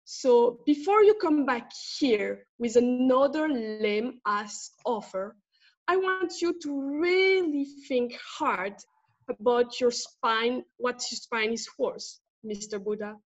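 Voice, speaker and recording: A woman's voice: fairly high pitch, animated, slow pace, heavily acted. Woman reading a blunt legal clerk, French accent. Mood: indignant. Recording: dull lo-fi audio.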